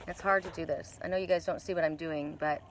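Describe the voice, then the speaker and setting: A woman's voice: low voice, fairly even intonation, fast, heavy background noise. A woman doing a live oracle card reading outdoors by a lake, chatty and blunt, swearing casually.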